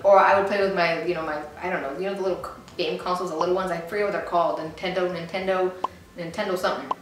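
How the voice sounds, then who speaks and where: A young woman vlogging casually, chatty and rambling with a playful manner. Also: lowish voice. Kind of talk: casual vlog reading comments. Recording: very echoey room, faint noise.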